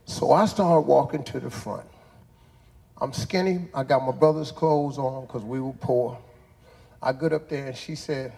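Gravelly older man telling a folksy story. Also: mid-range voice, unhurried, warm tone, in a large hall. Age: 60s. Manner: folksy drawling storyteller, builds to punchlines. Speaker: host. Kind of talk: motivational storytelling.

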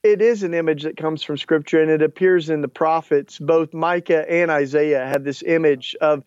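An earnest male guest speaking in a fairly high voice, searching for words with frequent restarts. The recording is dull and lo-fi, dry with no room sound. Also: steady tone, moderate pace, a little mellow, dry recording. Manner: earnest, many restarts and fillers. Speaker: author and activist guest. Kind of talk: interview clip, casual explaining.

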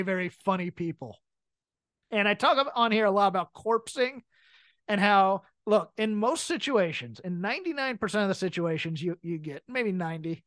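A woman's voice: mid-range voice, no echo. Chatty woman, dry close sound. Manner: animated, laughs often, acts out quotes. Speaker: podcast co-host. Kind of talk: casual chat.

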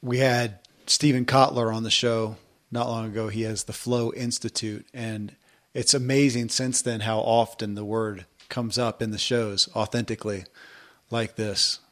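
A man hosting a podcast interview, phrasing his questions slowly and thoughtfully. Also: lowish voice, level tone, a bit bright. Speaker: podcast host. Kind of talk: interview conversation.

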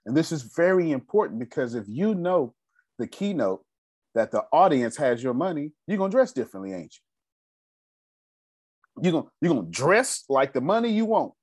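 Man, motivational meeting leader: emphatic, preachy, slangy, animated delivery, dry sound. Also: a little high, moderate pace, slightly rough, dry recording. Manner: emphatic, preachy, repeats phrases, casual slang. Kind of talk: motivational talk to a group.

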